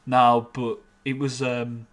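A man co-hosting a casual football podcast, often halting and restarting as he thinks aloud. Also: mid-range voice, flat delivery, a bit bright. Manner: halting, many restarts and fillers, earnest. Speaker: podcast co-host.

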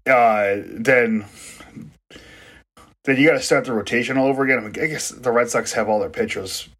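A man's voice: mid-range voice, moderate pace, fairly bright tone, husky. A man co-hosting a podcast, joking and swearing about baseball while he eats. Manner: joking, swearing, laughs often. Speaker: podcast co-host. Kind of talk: casual sports chat.

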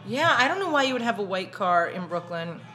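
A woman hosting a podcast, telling a story in casual chat with quick reactions and easy laughs. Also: mid-range voice, sing-song, sharp tone, soft background music. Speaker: podcast host.

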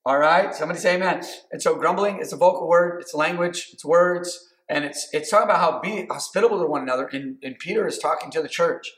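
A man's voice: on the high side, quick pace, fairly bright tone. A man preaching a sermon as pastor, talking in a loose conversational way with many fillers and restarts. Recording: echoey room.

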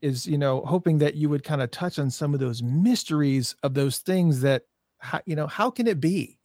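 A man hosts an interview and asks loose, rambling questions, often pausing to restart. His voice sits a bit high for a man. The recording is close and dry. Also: animated, darkish tone, dry recording. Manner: casual, rambling, hesitant questions. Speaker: interview host.

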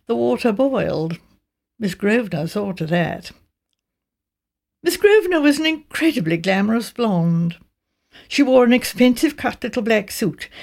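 Older woman narrating with a gravelly voice. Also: fairly high pitch, a little mellow. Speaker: audiobook narrator. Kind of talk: scripted narration.

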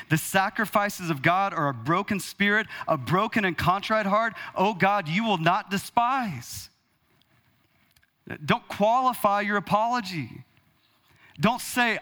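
Pastor guy preaching, bright edgy voice, pitched kinda high, big hall echo. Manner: animated, rhetorical, prompts the congregation. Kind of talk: sermon. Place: church hall. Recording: long hall reverb.

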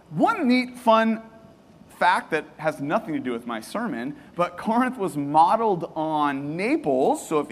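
Lively man preaching in a reverberant hall. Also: sits high. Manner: lively, joking, asks the congregation questions. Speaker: pastor. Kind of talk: sermon. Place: church hall.

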